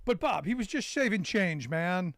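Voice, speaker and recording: A man's voice: high voice, big pitch swings, normal speed, fairly bright tone, no room sound, clean studio sound. A man hosting a call-in talk radio show, chatting with a guest and cracking sarcastic jokes. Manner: wisecracking, sarcastic asides.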